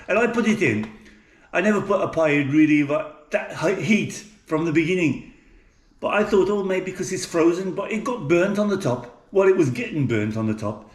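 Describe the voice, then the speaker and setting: A middle-aged cooking vlogger from England with an English accent chats casually in his home kitchen in a fairly high voice. His talk is loaded with fillers and restarts, and the recording sounds roomy.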